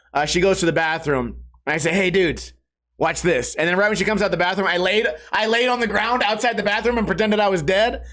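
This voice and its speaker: A man with a high-pitched voice hosts a solo podcast and tells a rambling, profane story about his own night. He mocks himself as he goes. When he acts out other people, his voice jumps up sharply. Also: fairly bright tone. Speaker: podcast host. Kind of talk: casual storytelling monologue.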